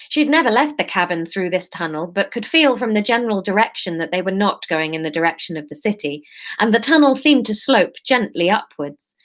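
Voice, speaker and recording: A woman in her thirties with a medium-pitched voice reads her own story aloud during a livestream, stopping now and then for chatty asides where she makes fun of herself.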